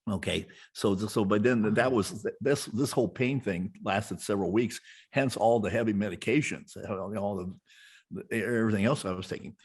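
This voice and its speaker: Husky rambling middle-aged man. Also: lowish voice, moderate pace, darkish tone. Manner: rambling, many restarts and fillers. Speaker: podcast host, guest being interviewed. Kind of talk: casual storytelling conversation.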